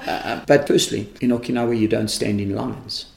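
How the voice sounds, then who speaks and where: Gravelly man telling stories. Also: on the low side, normal speed. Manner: animated storyteller who acts out quotes and laughs often. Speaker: karate instructor. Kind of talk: podcast interview. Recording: echoey room.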